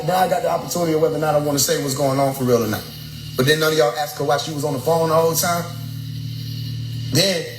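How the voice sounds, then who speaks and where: A young man, casually lecturing a group in an animated, preachy way and swearing freely. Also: a little high. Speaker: speaker addressing his followers. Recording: echoey room with faint ambient noise.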